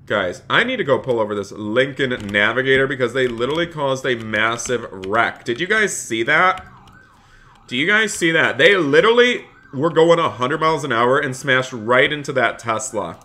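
A man's voice: mid-range voice, expressive, moderate pace, bright, forceful tone. A man live-streaming a police role-play game, reading viewers' chat aloud and answering them while he plays.

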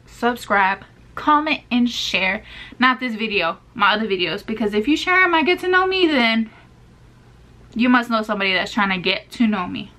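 A woman's voice: on the high side, expressive, normal speed, bright, forceful tone. A woman of twenty-one, answering get-to-know-me questions in a casual, sassy vlog while chewing gum. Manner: chatty, sassy, playful asides to viewers. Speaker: beauty vlogger.

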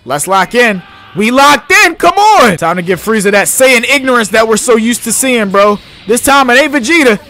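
A young man giving live, excitable, slang-heavy commentary as he plays a video game. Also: very high voice, normal speed, few pauses, soft background music. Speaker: gamer.

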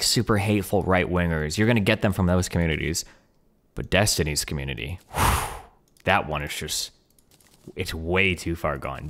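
A man's voice: sits low, fairly bright tone. A man hosting a casual reaction commentary, sarcastic and loose, full of fillers like "um" and "like". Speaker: streamer and host.

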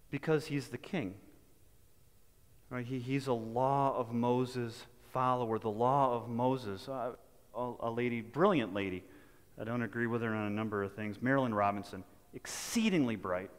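A man's voice: medium pitch, big-room sound. A male pastor giving a sermon in a conversational, folksy manner, often restarting his phrases. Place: church sanctuary.

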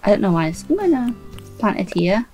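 Over soft background music and a rough recording, a female gaming YouTuber with a warm, mid-range voice comments on her game, very animated and fairly quick. Chatty and self-mocking, she's still a bit sleepy and fighting back yawns.

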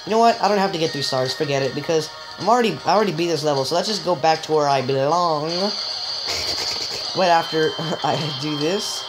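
A woman giving joking, excitable let's-play commentary, chatting straight to viewers and letting out sudden high yelps. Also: fairly quick, low-quality recording. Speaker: gamer. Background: game music.

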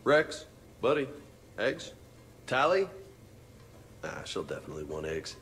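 A man's voice: fairly low pitch, big pitch swings, unhurried, fairly bright tone, a little hiss or hum, full character voice. An actor playing a cheerful young male marine who calls out heartily to the crew, for a video game. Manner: hearty, calling out to people.

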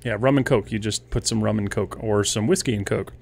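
A man's voice: lowish voice, fairly quick, creaky, a little mellow. A man hosting a live stream, chatting casually and joking with his co-hosts. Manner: easygoing, joking, teasing. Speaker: livestream host.

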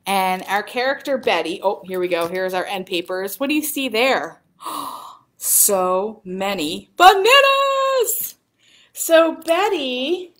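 Children's librarian woman, storytime reader, sing-song and slow, lots of pitch swing. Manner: animated, sing-song, talks to young children.

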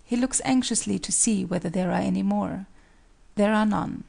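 Woman reading stage directions, gravelly voice, calm and even. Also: medium pitch, normal speed. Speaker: narrator.

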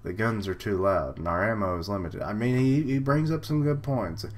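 A man's voice: fairly low pitch, normal speed. A young man reading manga panels aloud and commenting in a casual live reaction, with frequent fillers and little laughs.

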